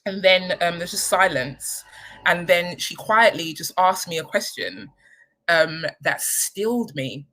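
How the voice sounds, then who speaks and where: A woman, a charity leader, giving a candid, reflective personal talk with frequent pauses and ums. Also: on the low side, bright, forceful tone, rough recording. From United Kingdom. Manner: candid and reflective, many ums, emotional at times. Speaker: charity chief executive.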